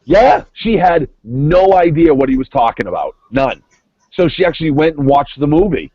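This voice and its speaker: A man's voice: a little high, big pitch swings, normal speed, husky, dry recording. Emphatic man on a tinny phone line. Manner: emphatic, repeats words while building points. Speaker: guest, former reality show contestant. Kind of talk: casual podcast chat.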